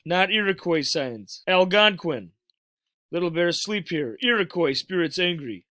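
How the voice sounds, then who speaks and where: A man's voice: high voice, lively intonation, a little slow, bright, forceful tone, no echo, clean studio sound, heavily acted. A man voicing a tiny, stern, proud warrior who speaks in short clipped phrases, as a storybook read-aloud. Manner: gruff, broken clipped phrases.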